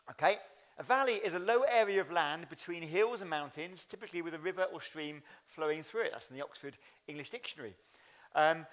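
A man's voice: fairly high pitch, fairly bright tone. A man who is a church leader, preaching a sermon at a Sunday service in a chatty way, speaking straight to the congregation. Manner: chatty, addresses congregation directly.

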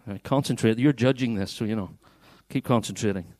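A man's voice: fairly low pitch, fairly quick, a little mellow, no room sound, clean studio sound. A man preaching as a pastor, playful and coaxing, getting the congregation to act out a Bible story. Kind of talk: interactive sermon with acted-out scripture. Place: church hall.

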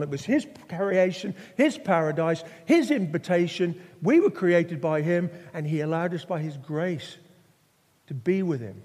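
A man's voice: a little high, darkish tone. An older man from Norfolk, England, preaching a sermon with stories and rhetorical questions. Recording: long hall reverb.

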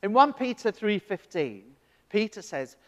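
Animated Baptist minister preaching in a reverberant hall. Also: male voice, high-pitched, unhurried, muffled recording. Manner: animated, acts out the voices in his story. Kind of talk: sermon with storytelling.

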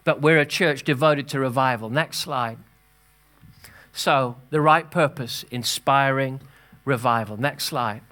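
A man preaching a sermon as pastor, energetic and exhorting, calling out to the congregation. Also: mid-range voice, a little slow. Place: church hall.

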